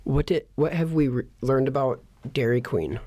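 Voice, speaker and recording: A man's voice: medium pitch, normal speed, mellow, dry recording, clean studio sound. A man hosting a podcast, chatting casually and playfully teasing his daughter. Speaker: podcast host.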